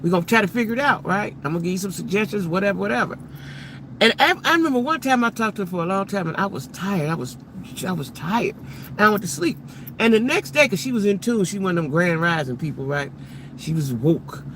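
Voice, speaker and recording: A middle-aged woman talks loosely and animatedly to her live-stream viewers while sitting in her car. Her voice has a gravelly fry and a bright, forceful edge. A faint hum of background noise runs underneath. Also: mid-range voice, expressive, quick pace. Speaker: livestream host. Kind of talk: casual live-stream chat.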